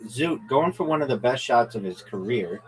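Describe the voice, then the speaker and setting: A man's voice: medium pitch, animated, normal speed, darkish tone, low-quality recording. A man hosting a casual game stream with friends, brash and profane, boasting to viewers like a mock announcer. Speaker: host. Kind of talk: casual chat while playing a game with friends.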